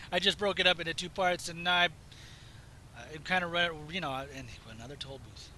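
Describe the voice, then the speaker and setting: A man from the Southwest United States, chatting casually and meandering as he plays a driving game, his voice slightly hoarse. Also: fairly high pitch, brisk, sharp tone, a little hiss or hum, poor audio. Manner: chatty, meandering, self-interrupting. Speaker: gaming video host. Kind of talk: casual rambling commentary while playing.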